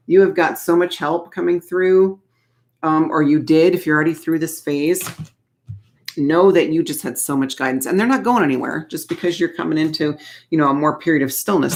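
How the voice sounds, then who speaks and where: A woman's voice: deep voice, creaky. A woman in her thirties doing a casual tarot card reading, chatty and reassuring with playful asides.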